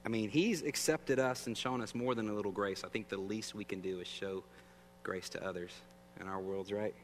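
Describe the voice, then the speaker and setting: A pastor with a fairly low voice preaches at normal speed, addressing the audience conversationally and often asking them questions. The audio has long reverb and a faint hum.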